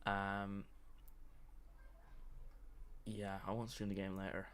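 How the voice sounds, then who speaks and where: A man's voice: on the low side, flat delivery, slow, fairly bright tone, a little hiss or hum. A man streaming live, reacting and rambling in a joking, self-mocking way. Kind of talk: casual live-stream commentary.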